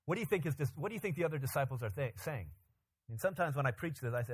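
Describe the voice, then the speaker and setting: A pastor preaching a sermon, animated and joking, with loud emphatic climbs in his voice. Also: medium pitch, rapid-fire, breathy edge.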